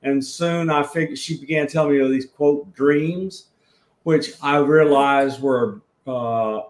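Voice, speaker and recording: Southern man telling a story, roomy echo. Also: mid-range voice. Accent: South Alabama Southern. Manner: unhurried, rambling with restarts. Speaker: guest. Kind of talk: storytelling in a podcast chat.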